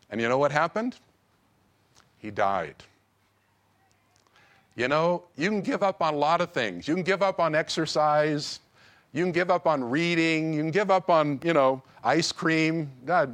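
A man preaching a sermon to his congregation, slow and emphatic. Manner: slow, emphatic preaching with wide swings of pitch. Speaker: pastor.

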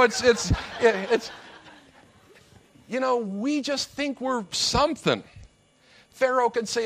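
High-voiced, slow-preaching man. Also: expressive, a bit bright. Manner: emphatic preaching with acted-out quotes. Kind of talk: sermon.

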